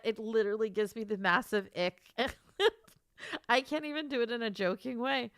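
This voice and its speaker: Crying off and on, this woman, a streamer and author, laughs and wanders through casual talk with her live-stream viewers. Her voice is mid-range and clean-toned, in a dry, clean studio recording.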